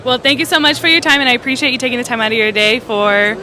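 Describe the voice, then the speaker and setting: A woman's voice: a little high, racing, pushed and bright. A woman host interviewing guests at a trade show in an upbeat, gushing way.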